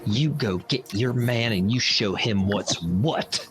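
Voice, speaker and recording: A man's voice: fairly low pitch, takes it slowly, fairly bright tone, a little hiss or hum, voice pushed down. A man voicing a motherly female hotel receptionist with a put-on Southern American accent. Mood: comforting.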